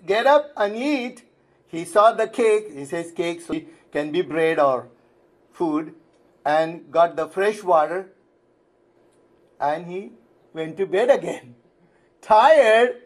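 A man leading a Bible study, explaining scripture step by step in a deliberate way. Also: sits high.

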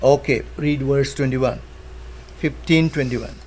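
A man leading a Bible study in an animated way, acting out the quotes with sudden swings in loudness and some nonstandard grammar. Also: medium pitch, slow pace, slight background noise. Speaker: Bible teacher.

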